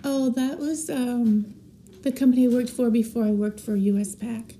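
A woman's voice: a little high, fairly even intonation, normal speed, dark tone, a little hiss or hum. A woman as guest in a casual vlog chat, dry and blunt.

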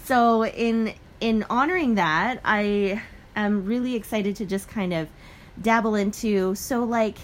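A young adult woman co-hosting a podcast in casual chat, telling stories in an animated way and laughing often. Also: mid-range voice, unhurried. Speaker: podcast co-host.

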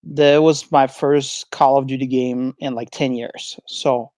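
A man co-hosting a casual gaming podcast, relaxed and easygoing. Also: medium pitch, slow, no echo. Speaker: podcast co-host.

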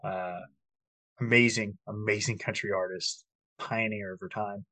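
A man's voice: lowish voice, steady tone, measured pace, pushed and bright, no echo. A man co-hosting a casual podcast over a video call, crude and profane, mocking and ranting. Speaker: podcast co-host. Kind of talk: casual chat.

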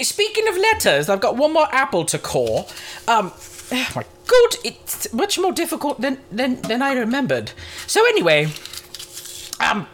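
A cheerful, motherly Mrs. Claus, played by a woman, hosts a baking segment from the North Pole. She chats and rambles with cheeky asides, her high voice bouncing up and down in lively swoops. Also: slight background noise. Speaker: show host in character. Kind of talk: in-character cooking segment.

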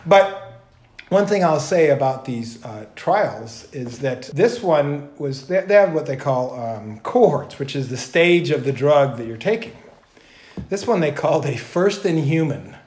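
A man with a fairly high, slightly slow voice co-hosts a casual comedic podcast in a reverberant space. He's an animated storyteller who laughs often and acts out the people he quotes.

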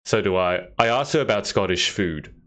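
Male host with a very low voice, friendly and chatty, a touch hesitant, on a video call. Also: moderate pace, crowd noise. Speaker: interview host. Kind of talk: casual interview chat.

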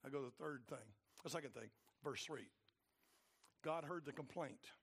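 A man preaching a sermon, swinging between loud, fired-up passages and low, quiet asides. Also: moderate pace, breathy edge. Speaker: pastor.

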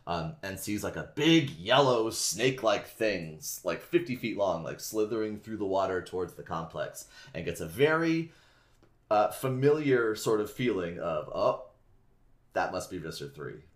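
Deep-voiced man rambling through a recap. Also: expressive, normal speed, echoey room. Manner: loose and rambling, full of "like" and "uh", reading passages aloud; swears casually and laughs at his own retelling. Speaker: podcast co-host recapping a book. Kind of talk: casual chat, retelling a story.

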